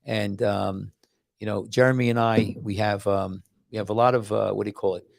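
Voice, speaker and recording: A man's voice: lowish voice, normal speed, creaky, no room sound, studio quality. A man hosting a casual podcast as a doctor, rambling and restarting his words as he talks. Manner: tells stories with animated quoted voices.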